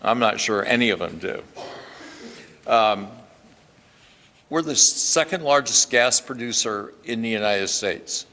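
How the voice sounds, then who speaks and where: An older man speaks from a podium in a low, grounded voice. He is plainspoken and emphatic, stopping to restart his sentences, while the long reverb of a hotel event hall trails behind each phrase. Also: lively intonation, measured pace, pauses often, pushed and bright. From Pennsylvania. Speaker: state senator giving a speech. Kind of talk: speech at a press club luncheon.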